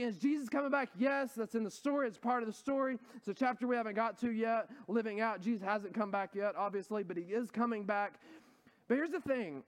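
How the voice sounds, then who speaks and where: A man preaching a sermon as pastor, telling stories with rising, animated emphasis. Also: high voice. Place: church hall.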